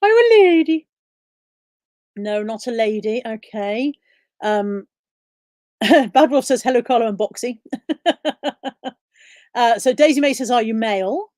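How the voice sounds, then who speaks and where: A woman's voice: on the high side, slow, pauses often, a little mellow, no room sound, studio quality. A woman hosting a casual live stream, reading viewer comments and questions aloud and answering them.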